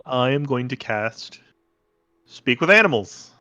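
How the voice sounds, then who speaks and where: A man's voice: mid-range voice, big pitch swings, unhurried, bright, forceful tone, no echo, muffled recording, soft background music. A man playing a character in a tabletop game, talking in an easygoing, friendly way. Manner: easygoing, laid-back, friendly. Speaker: player. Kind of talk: in-character tabletop role-play.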